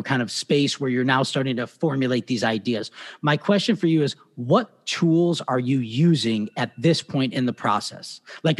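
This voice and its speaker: A middle-aged man hosting an interview podcast, chatting casually and telling stories with acted-out quotes. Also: medium pitch. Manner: chatty storyteller, acts out quoted voices. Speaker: podcast host.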